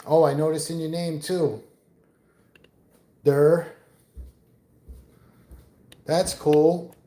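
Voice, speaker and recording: On a windy day outdoors, a middle-aged livestream host from New York, with a mixed New York accent, rambles casually through viewer questions. His voice is a little high yet dark in tone, steady and unhurried, with a roomy sound.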